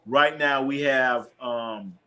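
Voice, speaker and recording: Male streamer, casual live game calls and banter with chat, relaxed and repetitive, mid-range voice. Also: mid-range voice, slow. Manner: loose, joking, repeats himself, talks to chat. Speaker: sports watch-party streamer.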